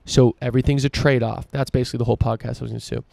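A man's voice: medium pitch, flat delivery, very fast, vocal fry, warm tone, no echo. A man hosting a solo opinion podcast, ranting emphatically and swearing freely. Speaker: podcast host.

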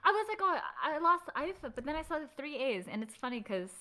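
A woman chatting excitably in casual gaming voice chat. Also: sits high, fairly quick, crowd noise. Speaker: game player.

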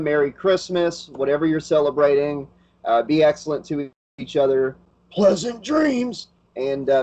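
A man hosting a podcast, talking loosely and rambling along with lots of ums and uhs. His voice sits a little high for a man. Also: a little mellow, muffled recording. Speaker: podcast host. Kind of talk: casual podcast chat.

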